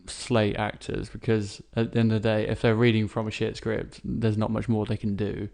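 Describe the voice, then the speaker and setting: Young guy on a podcast, low gravelly voice, blunt and sweary. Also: moderate pace. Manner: blunt, swears freely, animated when ranting. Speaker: podcast co-host. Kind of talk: casual film review chat.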